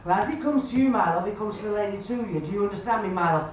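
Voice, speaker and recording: A woman's voice: medium pitch, rapid-fire, a little mellow. A woman giving a live spiritualist reading to an audience, chatty and homely, calling the sitter love and sweetheart and constantly asking "do you understand, please?". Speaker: spiritualist medium. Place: club function room. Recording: very echoey room, far mic, faint noise.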